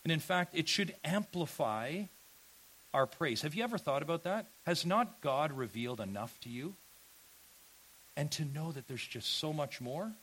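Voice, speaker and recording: A man preaching a sermon, earnest and emphatic, asking his listeners rhetorical questions and swinging from quiet to loud. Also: a little high, lively intonation, moderate pace, slightly rough, poor audio. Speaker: pastor.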